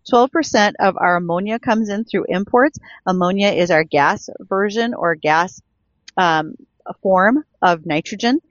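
A woman from North Dakota hosting agriculture radio, folksy and brisk as she runs through market facts. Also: mid-range voice, no echo, muffled recording. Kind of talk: radio farm market talk. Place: radio studio.

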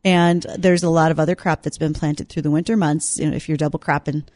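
A woman co-hosting an agriculture radio talk show. Her voice sits a little low and sounds dry and close. She talks in a friendly, conversational way. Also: steady tone, fast, a little mellow, dry recording. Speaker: radio farm show co-host.

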